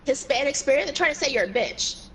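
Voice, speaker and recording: A woman from New Jersey chatting while gaming, blunt and quick to swear. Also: sits high, animated, poor audio. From New Jersey, USA. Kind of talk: casual chat while gaming.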